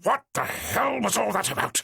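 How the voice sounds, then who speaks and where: A blustering police superintendent with a booming, high-pitched voice that swings hard between hearty and fawning, as a man puts him on. His tone is lively and slightly husky. He is a character in a read-aloud crime audiobook. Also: fairly quick, dry recording, studio quality. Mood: angry. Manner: booming, jovial and ingratiating.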